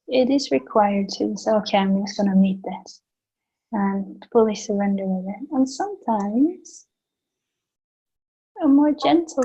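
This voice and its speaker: Soft-spoken husky woman guiding gently. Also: on the high side, dull audio. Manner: soft, slow and soothing, with imagery. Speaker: energy work facilitator. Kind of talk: gentle guided session talk.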